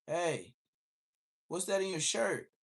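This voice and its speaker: A man's voice: high-pitched, very animated, takes it slowly, gravelly, slightly rough, pitched above the performer's own voice, full character voice. A man voicing an older male police officer who asks casual, prying questions. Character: older male cop, friendly but prying.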